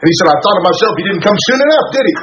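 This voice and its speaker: A man's voice: high voice, expressive. A man retelling a story on a radio talk show in a folksy way, quoting each person's dialogue as he goes. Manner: rapid, folksy retelling full of quoted dialogue. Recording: echoey, dull radio recording with noise.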